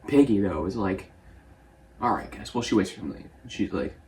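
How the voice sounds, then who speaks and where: Young male reviewer, low voice, offhand rambling recap style. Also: expressive, warm tone, a little hiss or hum. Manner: rambling, offhand, quotes characters in quick voices. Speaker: movie reviewer. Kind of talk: casual movie recap.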